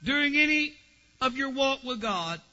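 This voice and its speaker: A man preaching a fervent Pentecostal sermon, swinging from quiet asides to shouted praise. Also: extremely high pitch, lively intonation, moderate pace, lo-fi sound.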